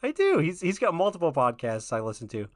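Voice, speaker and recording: A man co-hosting a podcast, raspy from a recent illness, chatting casually and laughing often. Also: fairly high pitch, huge pitch swings, fairly quick, no room sound, studio quality. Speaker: podcast co-host.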